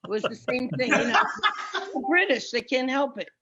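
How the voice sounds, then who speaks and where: A woman's voice: sits high, lively intonation, moderate pace, lo-fi sound. A middle-aged woman doing a brash, punchy stand-up comedy set from home on a video call. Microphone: computer mic on a video call. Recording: noisy video call audio.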